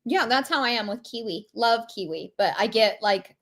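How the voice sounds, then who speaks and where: A woman's voice: fairly high pitch, animated, normal speed, fairly bright tone. A woman co-hosting a casual podcast chat, talking in a chatty way with many fillers. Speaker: podcast co-host.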